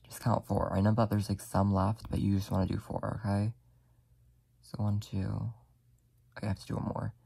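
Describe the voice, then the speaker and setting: Low-voiced craft tutor with a dark, gravelly tone, talking gently and apologetically through each step. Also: level tone, moderate pace, pauses often. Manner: soft-spoken, apologetic, talks while working with frequent "like" fillers. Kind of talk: casual step-by-step tutorial narration.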